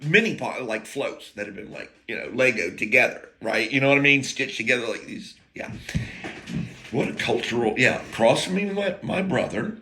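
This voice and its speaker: A man's voice: mid-range voice, expressive, moderate pace, creaky, pushed and bright. An American man telling a rambling, profane story in a casual monologue, full of jokey asides and broken-off sentences. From United States.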